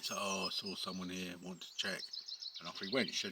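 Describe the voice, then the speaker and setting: A man's voice: deep voice, little pitch movement, brisk. A man, a painter and decorator, telling a rambling story to camera outdoors, with wry asides and many ums. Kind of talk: casual storytelling vlog. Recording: loud outdoor background noise. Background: birdsong and outdoor noise.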